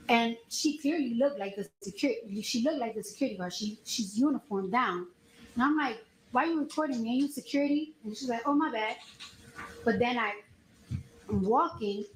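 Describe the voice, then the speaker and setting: A woman testifying as a witness, retelling events in a lively, slangy way with acted-out quotes. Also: fairly high pitch. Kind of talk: courtroom testimony, storytelling. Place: echoey courtroom. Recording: echoey courtroom with faint noise.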